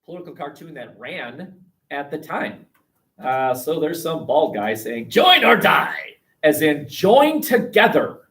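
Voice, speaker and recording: A man teaching a history class, animated and joking, asking the room rhetorical questions, recorded on a classroom webcam. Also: a little high, unhurried. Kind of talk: classroom lecture.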